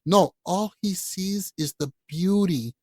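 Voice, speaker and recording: A man co-hosting a podcast, talking casually about films in a blunt, profane, animated way. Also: high voice, slow pace, no room sound. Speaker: podcast co-host. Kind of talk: casual film chat.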